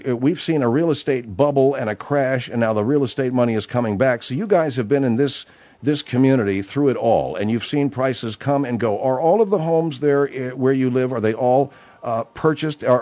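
A man's voice: medium pitch, normal speed, warm tone, no room sound. A male talk radio host keeps needling his guest with quizzical questions, often restarting mid-sentence. The sound is dry and close, with a dull, narrowed radio tone. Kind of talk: comedy talk radio interview.

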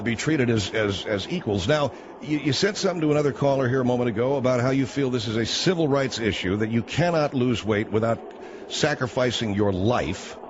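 A man hosting a comedic talk radio show, brash and sarcastic, mocking his guest. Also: medium pitch. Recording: muffled broadcast audio with faint hiss.

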